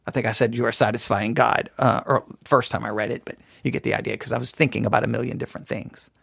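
A man's voice: mid-range voice, fairly even intonation, fast talker, vocal fry, fairly bright tone, husky, dry recording, clean studio sound. A man hosting a casual Christian podcast, talking in a rambling, self-deprecating way with many restarts. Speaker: podcast host.

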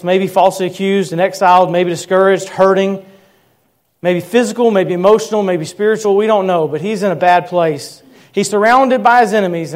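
Man, 30s, pastor, sermon, earnest storytelling, slows for emphasis, fairly high voice.

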